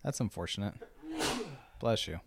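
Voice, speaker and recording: A man's voice: fairly low pitch, lively intonation, normal speed, creaky, noisy background. A man co-hosting a podcast in casual chat, laid-back, laughing often and swearing casually. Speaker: podcast co-host.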